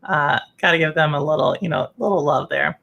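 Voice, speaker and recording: Bright-voiced upbeat man hosting a livestream. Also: fairly high pitch, fairly quick, vocal fry, dull audio. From Texas. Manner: upbeat, joking, shouts out the chat. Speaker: podcast host. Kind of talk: casual livestream chat.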